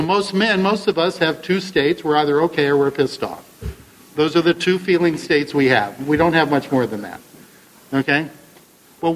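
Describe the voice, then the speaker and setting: A man's voice: a little high, a bit bright, rough recording. A man giving a conversational talk on relationships to an audience, asking rhetorical questions and acting out what partners say. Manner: conversational, rhetorical questions, acts out couples' lines. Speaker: therapist speaking to an audience. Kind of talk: lecture with acted-out examples.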